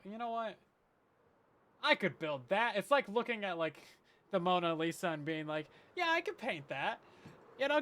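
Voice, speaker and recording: While streaming a Minecraft survival game, a man rambles through casual, self-deprecating commentary. His voice is slightly high and a little bright.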